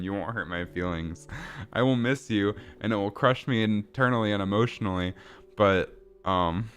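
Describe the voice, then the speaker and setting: Chill guy on a dev stream, cursing and laughing, pretty low voice. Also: moderate pace, fairly bright tone. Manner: rambling, swears, laughs, answers chat. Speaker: streamer building a game. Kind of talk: casual livestream chat.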